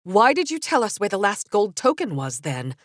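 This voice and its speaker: A woman's voice: medium pitch, big pitch swings, moderate pace, dry recording, natural voice. A woman voicing a blunt, matter-of-fact adventurer with a dry, offhand delivery.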